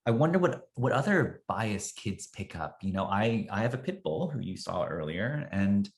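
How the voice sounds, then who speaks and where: A man speaking as a podcast guest in a musing, animated conversational way. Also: fairly low pitch, normal speed. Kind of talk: conversational interview.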